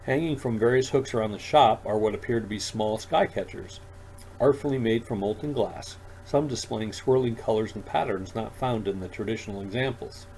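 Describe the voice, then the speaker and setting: A man, an author, reading his own science fiction story aloud in a calm, even storytelling manner. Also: on the low side, moderate pace, slight background noise, rough recording. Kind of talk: audiobook narration.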